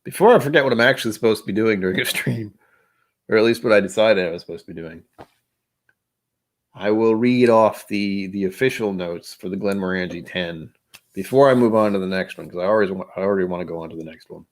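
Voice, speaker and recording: A man with a lowish voice talks fast while hosting a casual whisky livestream. He rambles self-deprecatingly and keeps restarting his sentences.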